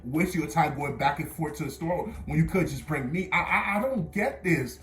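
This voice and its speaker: A young man telling a casual storytime, animated and stammering, with sudden loud bursts as he recounts. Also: on the high side, moderate pace. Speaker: vlogger. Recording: roomy echo with faint music.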